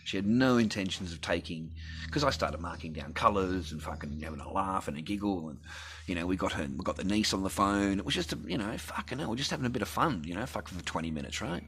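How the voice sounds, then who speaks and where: Gruff low-voiced swearing Australian man. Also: expressive, quick pace, a bit bright. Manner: heavy swearing, blunt and rambling. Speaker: vlogger. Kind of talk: ranting personal story.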